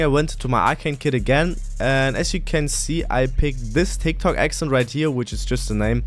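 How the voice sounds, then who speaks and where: A young man talking through his production steps in a casual tutorial voice-over, relaxed and full of fillers like "basically". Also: mid-range voice. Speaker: music producer.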